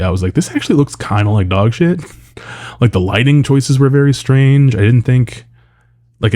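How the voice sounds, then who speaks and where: Man, low voice, casual rambling film reviewer, lots of fillers, swears freely. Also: warm tone.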